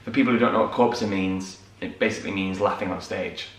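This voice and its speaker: A man's voice: deep voice, steady tone, fast. A man co-hosting a casual morning chat at home, telling stories with lots of fillers. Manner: chatty storyteller, many fillers. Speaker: co-host. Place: home room. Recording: echoey room, mic at a distance.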